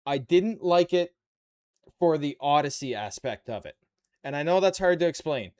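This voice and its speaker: A man's voice: fairly high pitch, moderate pace, a little mellow, smooth. A Canadian man with a Canadian accent, casually chatting and bantering with his viewers while building a model kit on a live stream. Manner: chatty, playful banter with chat.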